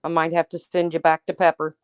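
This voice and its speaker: A woman's voice: sits low, completely flat delivery, fast, clear, resonant tone, dry recording. A woman hosting a casual livestream, chatting and teasing as she answers viewers by name. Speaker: livestream host. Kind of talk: casual livestream chat reading viewer comments.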